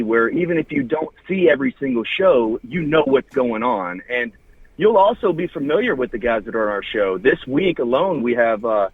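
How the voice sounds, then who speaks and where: On a dry, husky, phone-like line with no room sound, a Southern US man with a slightly high voice, a wrestling TV host, promotes his show in casual podcast chat. He rattles off plenty of names and details.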